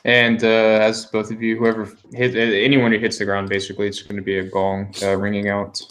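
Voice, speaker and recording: A man running a tabletop game as game master, describing scenes with many pauses and fillers. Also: lowish voice, monotone, fairly bright tone. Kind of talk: narrating a tabletop game online.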